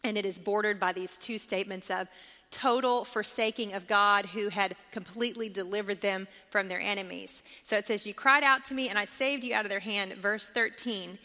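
A woman's voice: medium pitch, fairly even intonation, normal speed, sharp tone, long reverb tail. A woman teaching a Bible study class, reading scripture aloud and asking the group questions as she goes. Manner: engaging, asks the class questions.

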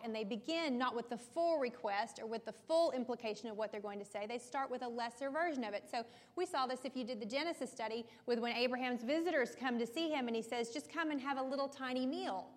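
A woman's voice: on the high side, long reverb tail. A woman teaching a Bible study, explaining in a conversational way and checking in with her listeners.

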